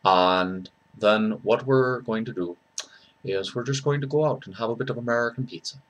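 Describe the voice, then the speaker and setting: A man voicing an easygoing Dublin pub-goer with an Irish accent, speaking slowly. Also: mid-range voice, a bit bright, close to an everyday voice.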